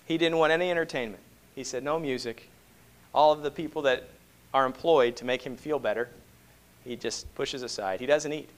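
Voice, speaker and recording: A man preaching a sermon to a congregation, moving between hushed, slow passages and loud, emphatic ones and often asking rhetorical questions. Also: fairly high pitch, clean tone. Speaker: pastor.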